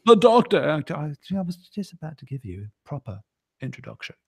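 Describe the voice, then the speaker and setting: A man chats loosely on a stream, talking in a fairly high voice with a gravelly edge of vocal fry. He rambles, jokes and teases his co-host. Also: big pitch swings, brisk. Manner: jokey, rambling, teasing co-host. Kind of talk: casual banter on a livestream.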